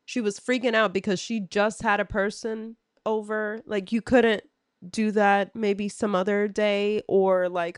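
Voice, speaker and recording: A woman's voice: medium pitch, no room sound, clean studio sound. A woman commenting on a story she just played, incredulous and emphatic, repeating phrases for effect. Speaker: host reacting to a story.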